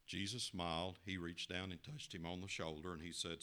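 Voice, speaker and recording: A man telling a parable as a sermon, folksy and expressive, with sudden rises in pitch and loudness. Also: brisk, hardly any pauses. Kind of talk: sermon storytelling.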